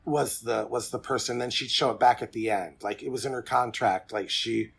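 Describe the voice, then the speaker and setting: A man's voice: medium pitch, fairly even intonation, normal speed, vocal fry, a bit bright, husky. A man co-hosting a podcast, chatting casually with wry, teasing asides. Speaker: podcast co-host. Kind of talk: casual chat.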